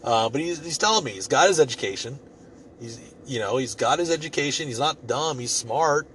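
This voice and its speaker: A man's voice: mid-range voice, animated, brisk, a bit bright, a little hiss or hum. A man telling a story in a casual, rambling way, swearing freely and joking as he goes. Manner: profane, rambling, loose and joking.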